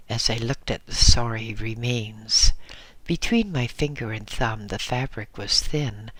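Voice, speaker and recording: A man giving a measured, unhurried first-person audiobook narration. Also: mid-range voice, pushed and bright, no room sound. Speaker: audiobook reader.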